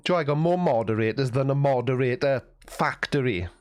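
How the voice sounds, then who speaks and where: A man's voice: mid-range voice, a little fast, a little mellow, slight background noise. A man hosting a casual livestream, reading chat messages aloud and answering them with wry, self-mocking banter.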